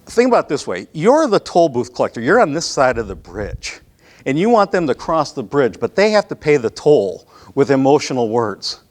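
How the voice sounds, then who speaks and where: A man's voice: medium pitch, very animated, moderate pace. A man with a Midwest American accent running a live sales training session, talking conversationally and often checking in with the room.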